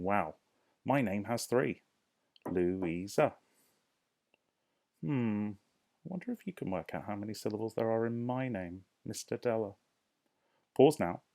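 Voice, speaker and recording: A man teaching a recorded lesson to young children, speaking slowly and encouragingly and sounding words out clearly. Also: on the low side, darkish tone. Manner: invites children to say words along with him. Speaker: primary school teacher.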